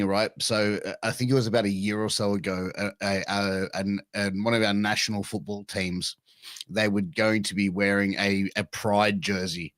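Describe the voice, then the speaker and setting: A young Australian man with an Australian accent, a guest on a casual podcast, chatting in a relaxed, slangy way. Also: on the low side, no room sound. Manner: laid-back, slangy, says "bro" and "man" a lot.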